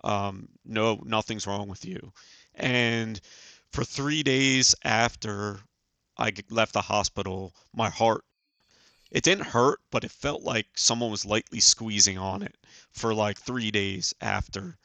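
Man in his forties, low gravelly voice, bright tone, earnest, halting podcast guest. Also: no echo. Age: 40s. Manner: earnest, halting, many fillers. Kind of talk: casual storytelling.

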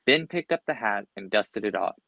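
A man's voice: fairly low pitch, normal speed, gravelly, dry recording, muffled recording. Man reading a children's storybook aloud. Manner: expressive, occasional slips and restarts. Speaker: storybook reader.

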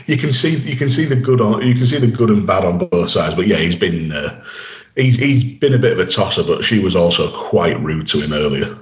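A man's voice: low voice, a little fast, reverberant. A man co-hosting a podcast, talking things through in a laid-back, casual way. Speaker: podcast co-host. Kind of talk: casual chat.

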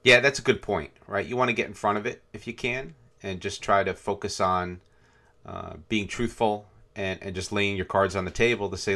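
A man's voice: fairly low pitch, normal speed, pushed and bright. A man co-hosting a podcast, chatting casually and reading out news headlines with frequent fillers. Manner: conversational, reads headlines aloud, frequent fillers. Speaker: podcast co-host.

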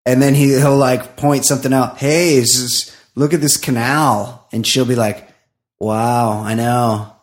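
A man casually recapping a reality show on a podcast, animated and quick to swear, acting out the people he quotes. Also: medium pitch. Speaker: podcast co-host.

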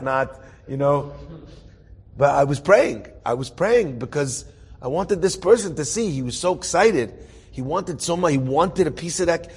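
A husky man telling an inspiring story from his youth at an easy pace. He keeps undercutting himself with dry, self-mocking jokes. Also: on the high side. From New Jersey area. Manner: humorous, self-mocking asides.

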